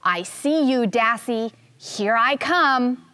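A woman voicing a greedy male eagle in a storybook read-aloud, booming out slow, drawn-out threats. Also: lively intonation, pushed and bright, slight background noise, heavily acted. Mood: menacing. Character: greedy screeching male eagle hunting prey.

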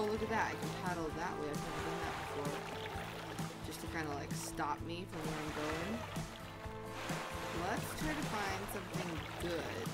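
A woman streaming a game from a home desk mic, talking her way through each move and coaxing her in-game dog along. When trouble hits she breaks into rapid, repeated cries. Loud game music plays under her voice the whole time. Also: fairly low pitch, rough recording. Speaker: gaming channel host. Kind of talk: let's play commentary.

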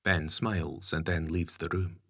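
A man narrating an audiobook story in a measured storytelling manner. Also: low voice, flat delivery, a bit bright, no echo, clean studio sound.

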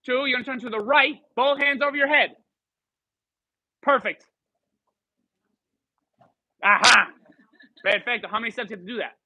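A man's voice: very high voice, moderate pace, long pauses, pushed and bright, dry recording, poor audio. A man teaching a live salsa class, counting beats and calling cues in Spanish and English to the dancers. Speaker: salsa instructor.

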